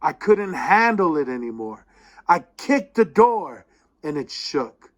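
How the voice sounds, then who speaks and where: Man reading a student essay expressively. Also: medium pitch. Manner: expressive storytelling, slowing down at tense moments.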